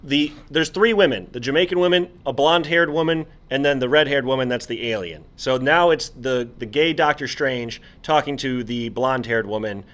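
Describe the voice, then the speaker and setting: A man of medium pitch speaks at a regular pace with few pauses while co-hosting an easygoing podcast. He walks through an old comic with animated, amused incredulity.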